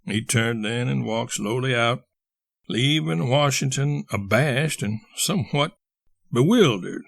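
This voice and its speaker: Gravelly male audiobook narrator. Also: medium pitch, expressive, measured pace, no room sound, studio quality. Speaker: audiobook reader. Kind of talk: scripted narration.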